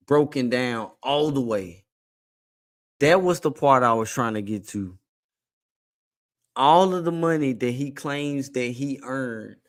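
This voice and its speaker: A man in casual commentary, explaining in a measured way. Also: medium pitch.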